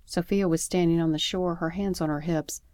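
A woman with a notably low voice narrates a first-person story at a calm, measured pace. Her reading is steady, and the close recording is dry, with no room sound around her. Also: no echo. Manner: calm, measured storytelling with lively acted dialogue. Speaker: audiobook narrator.

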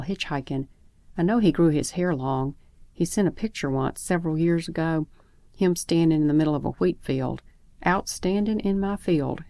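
A woman author reading her own short story aloud in a steady, plainspoken first-person telling. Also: deep voice, gravelly, no echo.

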